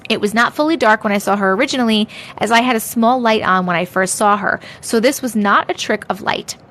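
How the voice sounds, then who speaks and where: A woman's voice: mid-range voice, brisk, fairly bright tone. A woman hosting a livestream, chatting playfully with viewers, thanking them often and drifting between put-on accents as she reads their stories aloud. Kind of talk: casual livestream chat and story reading.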